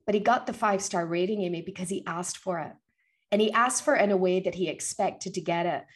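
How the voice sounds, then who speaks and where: A woman guest on an interview, coaching on public speaking and telling stories in an energetic, motivational way. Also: medium pitch. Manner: energetic, motivational, animated retelling. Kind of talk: conversational interview, storytelling.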